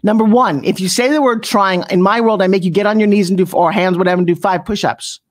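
A middle-aged woman coaching people on pitching in an interview, brash and punchy, often slipping into mocking voices. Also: fairly even intonation, quick pace. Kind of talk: energetic motivational coaching talk.

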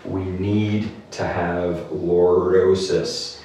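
A male clinician talks straight to camera in an emphatic, repetitive rant about exercise. His low voice has a gravelly edge. He sits back from the mic in a very echoey room with faint background noise. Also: moderate pace, far from the mic. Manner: emphatic, repeats "okay?" often. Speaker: clinician giving exercise advice. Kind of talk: direct-to-camera rant video.

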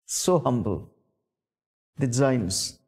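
A man's voice: mid-range voice, expressive, extremely slow, darkish tone, slightly rough. A middle-aged man from India with an Indian accent giving a spiritual sermon, often repeating words and asking the listeners questions. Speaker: spiritual teacher.

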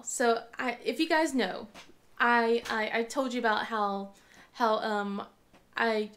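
A young woman chatting casually to camera at home, rambling with restarts and laughs. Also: a bit bright. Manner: acts out her young son's lines in a high voice. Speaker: crafting vlogger. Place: at home on the couch.

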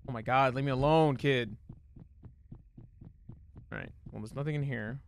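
A young man streaming a horror game demo, swearing and reacting, shifting between low muttering and sudden yelling. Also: normal speed, a little hiss or hum. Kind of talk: live gaming commentary.

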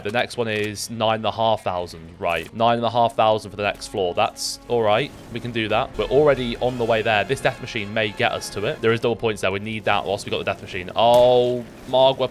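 A young man commentating his own gameplay, excitable, swearing and talking to himself. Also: fairly low pitch. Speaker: gaming YouTuber.

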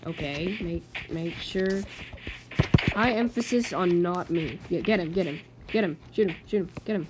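A woman's voice: on the low side, measured pace, long pauses, noisy background. A woman hosting a channel, giving casual running commentary on her game and pleading with the creatures on screen. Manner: chatty, exasperated, talks to game mobs. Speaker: gaming channel host.

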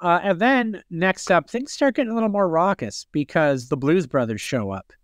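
A man's voice: sits high, lively intonation, moderate pace, smooth, no echo, studio quality. A man from Michigan co-hosting a casual podcast, telling a playful story that rambles along. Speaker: podcast co-host. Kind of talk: casual chat.

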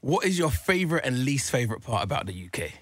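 A man's voice: medium pitch, very animated, fast, dry recording, clean studio sound. Playful male radio co-host. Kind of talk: breakfast radio banter.

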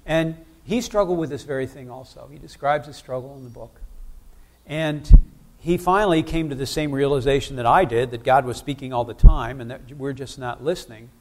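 A man's voice: medium pitch, moderate pace, darkish tone. A man preaching a sermon in church, talking conversationally and asking the congregation questions.

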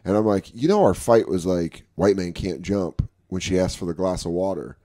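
A man on a podcast, telling stories in a casual, animated way, acting out both sides of conversations and swearing often. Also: low-pitched, moderate pace. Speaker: podcast guest comedian. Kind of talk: casual storytelling chat.

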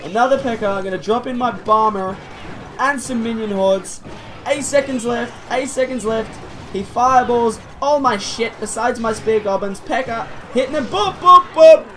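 A woman giving casual, excitable commentary over a game replay, teasing her opponent and chuckling as she goes. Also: a little high, moderate pace. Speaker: gaming video host. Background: faint game music.

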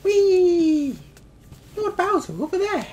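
A man voicing a squeaky, excitable minion of a villain king in a video game, with a giggling, eager manner. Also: slow pace. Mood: excited.

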